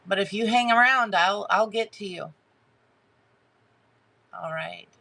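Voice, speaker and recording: A woman giving a live tarot reading to her chat, talking haltingly with many fillers and restarts and greeting viewers by name. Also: mid-range voice, gravelly, bright, forceful tone. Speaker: tarot reader hosting a live stream.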